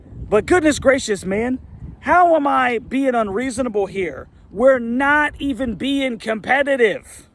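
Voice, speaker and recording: A man's voice: very high-pitched, lively intonation, a little slow, a bit bright, slight background noise. A middle-aged man ranting in a heated, exasperated way as a sports fan commentator, firing off rhetorical questions. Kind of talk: angry fan rant.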